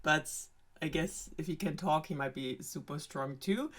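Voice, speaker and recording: A woman's voice: low-pitched, normal speed. A young woman with a German accent retells a fairy tale with dry sarcasm. She rambles and pads her lines with fillers. German is her first language. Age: young adult. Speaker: storyteller.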